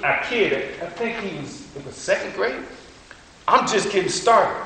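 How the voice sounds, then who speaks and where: A man preaches in a loose, storytelling way, his forceful, bright voice ringing through a big reverberant hall. Faint noise sits under the long echo. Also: sits high, measured pace. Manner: storytelling, animated, colloquial. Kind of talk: sermon. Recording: echoey hall.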